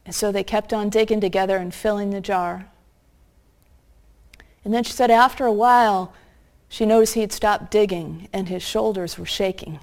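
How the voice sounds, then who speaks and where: A woman's voice: mid-range voice, a little mellow. Earnest woman preaching a story. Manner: earnest, slows down for emphasis. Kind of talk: sermon storytelling.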